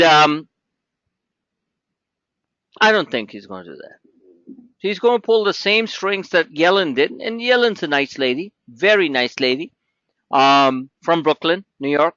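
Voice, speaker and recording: A man's voice: fairly high pitch, pushed and bright, no echo, lo-fi sound. A man hosting a live trading webinar, rambling and joking informally, with many restarts and asides.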